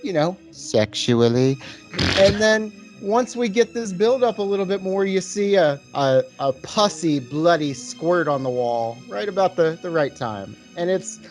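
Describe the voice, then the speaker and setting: A man's voice: high voice, expressive, a little slow, soft background music. A man co-hosting a podcast, casually recapping movie scenes with swearing and stumbles over words. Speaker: podcast co-host. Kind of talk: casual movie-review chat.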